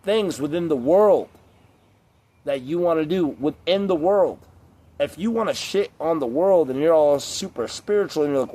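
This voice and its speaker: A man's voice: on the high side, animated, normal speed, warm tone. A young man ranting to camera in a blunt, profane, rambling vlog monologue, now and then mocking the voices of others. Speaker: vlogger.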